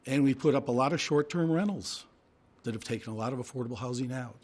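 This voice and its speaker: A man with a hoarse, fading voice gives public hearing testimony, speaking emphatically and indignantly and firing off rhetorical questions from a podium microphone. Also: mid-range voice, fast talker, darkish tone. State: hoarse, losing his voice.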